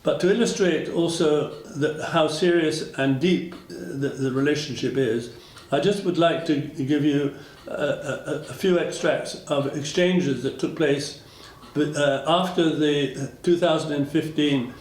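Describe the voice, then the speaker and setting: A man with an English accent, his voice a touch higher than most men's, delivers a formal ceremonial speech. He pauses and restarts often, searching for his words. The sound rings in a roomy hall. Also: a little mellow. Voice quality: halting, with frequent fillers and restarts. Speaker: speaker at a town twinning ceremony.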